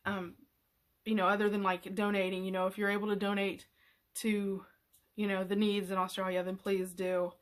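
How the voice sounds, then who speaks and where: Near tears and emotional, a middle-aged woman leads a craft tutorial in a medium-pitched, flat voice. Her casual talk wanders and stalls, full of fillers and restarted sentences.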